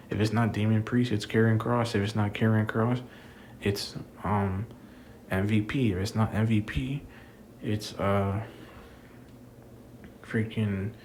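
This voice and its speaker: A young man rants through a wrestling review in a fairly low voice, swearing often and circling back to the same complaints. His exasperated delivery keeps returning to casual asides. A faint hiss sits under the recording. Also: darkish tone. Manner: profane, exasperated, repetitive. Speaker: wrestling commentator. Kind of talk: ranting review.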